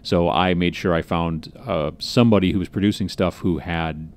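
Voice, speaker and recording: A man with a very deep voice talks casually as a podcast co-host. He rambles in loose, meandering sentences, full of ums and restarts, as he catches up from an office. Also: fairly even intonation, moderate pace. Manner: rambling, lots of fillers and restarts. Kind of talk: casual chat.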